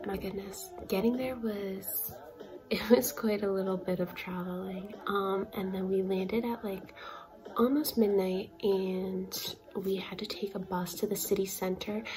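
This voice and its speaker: Chatty young woman vlogger. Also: mid-range voice. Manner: chatty, lots of "like" and laughs. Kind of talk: casual storytelling vlog. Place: indoors, facetime-style talking to camera.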